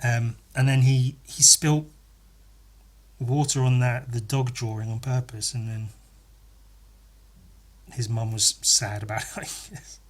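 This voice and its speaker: A man's voice: mid-range voice, flat delivery, slow, pauses often. Male podcast host, rambling and profane, exasperated tone, casual solo rant. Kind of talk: casual ranting monologue.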